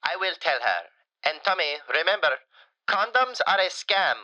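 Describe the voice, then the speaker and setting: An actor playing a doting, flamboyant falafel shop owner calling into a radio show, talking in broken grammar with playful deadpan jokes. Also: male voice, high-pitched, normal speed, dull audio, exaggerated voice. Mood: effusive. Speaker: caller.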